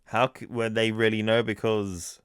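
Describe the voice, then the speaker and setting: A man's voice: fairly low pitch, level tone, moderate pace, smooth, no echo, clean studio sound. A man co-hosting a podcast who casually retells film scenes and often drops in short agreements. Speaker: podcast co-host.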